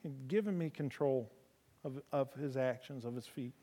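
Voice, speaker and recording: A man preaching a sermon in folksy storytelling style with humor, swinging from loud emphasis to soft, low delivery. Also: normal speed. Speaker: preacher in a horse ministry. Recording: long hall reverb.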